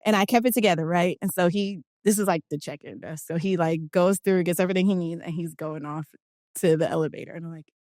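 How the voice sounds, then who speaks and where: A woman from Philadelphia, a guest telling an animated story in a casual interview and acting out the quotes. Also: lowish voice, fast, dry recording, clean studio sound. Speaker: guest, basketball players' union director.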